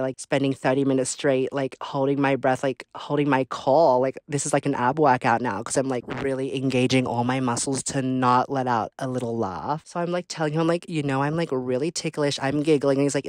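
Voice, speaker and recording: Male vlogger, casual rambling storyteller, average pitch, dry room. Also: dry recording. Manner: chatty, rambling, lots of filler words. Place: small cramped bunk room.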